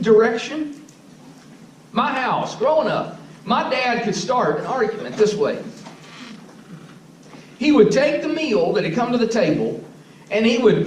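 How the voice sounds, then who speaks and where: High-voiced preacher in an echoey church. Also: male voice, distant mic, a little hiss or hum. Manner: conversational, asks the audience questions. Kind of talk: sermon. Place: church sanctuary.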